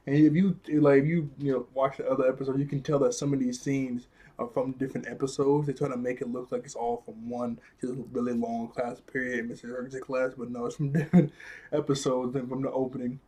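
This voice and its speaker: Guy rambling thru a cartoon episode recap, chuckly, lots of likes and ums, kinda warm mellow tone. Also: medium pitch, flat delivery, a little fast, breathy edge. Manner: rambling, chuckling, filler-heavy retelling. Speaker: episode reviewer. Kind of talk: casual cartoon episode review.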